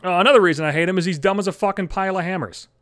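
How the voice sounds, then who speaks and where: A man's voice: sits high, very fast, fairly bright tone, no echo, clean studio sound. A young man hosting a podcast, delivering a profane, sarcastic comedic rant. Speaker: podcast host.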